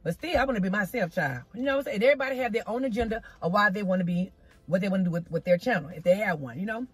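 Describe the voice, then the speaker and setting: A woman's voice: mid-range voice, rapid-fire, husky, no echo, soft background music. A woman talking casually to her viewers while eating, outdoors in a parking spot and recorded on her phone, folksy and chatty, often calling them "y'all" and "child". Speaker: vlogger eating on camera. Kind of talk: casual chatty mukbang vlog. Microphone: phone camera.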